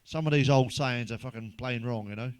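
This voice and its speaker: A man's voice: medium pitch, brisk, clear, resonant tone. A middle-aged man telling crude jokes in a blunt stand-up monologue, swearing constantly. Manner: blunt, heavy swearing, does character voices in jokes. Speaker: stand-up comedian.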